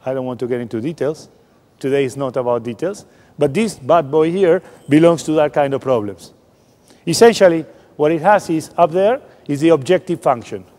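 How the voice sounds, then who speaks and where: A man's voice: on the high side, normal speed, a little mellow. A man giving a science festival talk, explaining informally and thinking aloud as he goes. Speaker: lecturer. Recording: long hall reverb.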